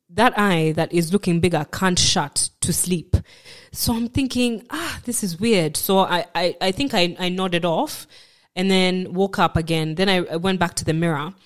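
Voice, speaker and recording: Woman, podcast guest, personal story, fairly low voice, halting with repeated words. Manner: halting, repeats words, acts out what others said.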